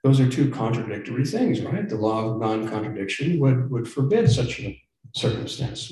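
Male pastor, earnest sermon, emphatic, warm dark voice, heavy room echo. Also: medium pitch, big pitch swings, normal speed. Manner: earnest, emphatic preaching with stammered repeats. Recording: very echoey church room.

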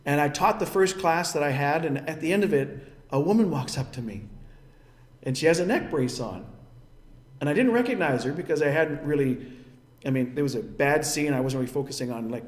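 A man's voice: fairly high pitch, animated, fairly quick, echoey room. A man preaching a sermon as a pastor, telling a story in an earnest, emphatic way.

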